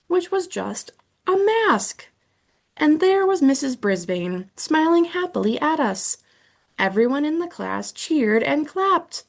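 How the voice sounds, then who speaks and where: A woman's voice: high voice, big pitch swings, slow pace, gravelly. A woman reading a children's book aloud in the first person, telling the story with expression. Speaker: audiobook reader.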